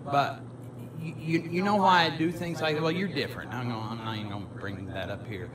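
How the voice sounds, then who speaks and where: A man's voice: medium pitch, brisk. A man acting as a recovery mentor, talking emotionally, stammering, rambling and often laughing. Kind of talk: emotional personal conversation. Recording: distant mic with crowd noise.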